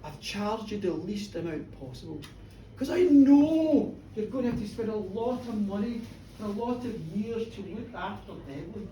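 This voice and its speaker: Gruff, self-important country doctor, low and grave, played by a woman telling the tale, distant roomy pub sound. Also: moderate pace, slight background noise, natural voice. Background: audience in a pub.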